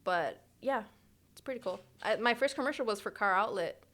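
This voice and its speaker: A young woman from Chicago, an actor guest on a podcast, talking in a chatty, animated way full of "like". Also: medium pitch, brisk. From Chicago, United States. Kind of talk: casual interview chat.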